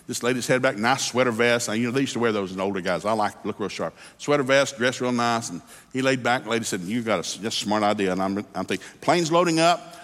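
A man's voice: mid-range voice, fast, a bit bright. A man preaching a sermon, telling a folksy story and then calling people to prayer, recorded in a church hall. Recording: hall reverb.

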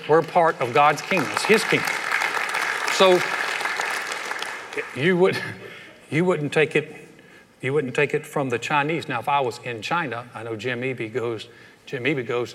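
A man preaching a humorous sermon as a pastor, in a folksy, animated storytelling manner with frequent repeats. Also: mid-range voice, a little hiss or hum. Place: large church sanctuary. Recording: echoey hall with long reverb.

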